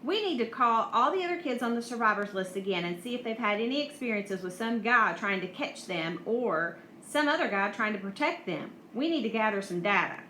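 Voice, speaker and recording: A woman voicing a calm, bossy girl who takes charge, speaking firmly in an organized way. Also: fairly high pitch, fairly quick, hardly any pauses. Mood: planning. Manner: firm and organized. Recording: echoey room, faint hiss.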